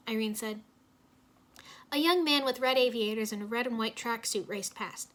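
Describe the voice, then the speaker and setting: A woman reads a story aloud in steady narration. Her voice is bright and forceful and sits a little high. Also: brisk. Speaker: reader. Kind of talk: reading fan fiction aloud.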